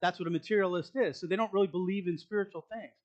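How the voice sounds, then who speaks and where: Pastor, male, slightly high-pitched; animated, chatty preaching with questions to the room and soft asides. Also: racing, highs cut off. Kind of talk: conversational sermon. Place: church sanctuary.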